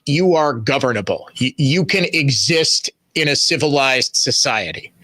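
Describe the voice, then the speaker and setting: A middle-aged man hosts talk radio, pressing each point with emphatic repetition. His voice sits a little high and rings bright and forceful. The studio sound is close and dry. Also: no room sound. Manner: emphatic, repeats phrases for stress. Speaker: radio talk show host. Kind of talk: opinionated talk radio monologue.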